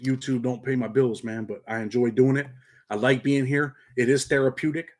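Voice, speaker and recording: A man's voice: medium pitch, steady tone, normal speed, a little mellow. Casting: middle-aged upstate New York man, slight country twang, laid-back streetwise livestream host, says "man" a lot. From Rochester, New York. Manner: streetwise slang, peppers speech with "man". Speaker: channel host and paralegal. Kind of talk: casual livestream chat, reading comments.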